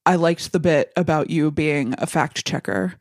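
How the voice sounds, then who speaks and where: A woman's voice: low voice, steady tone, normal speed, darkish tone, dry recording. Giggly woman on a dry mic. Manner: giggly, rambling, self-deprecating. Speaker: podcast co-host. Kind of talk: casual chat.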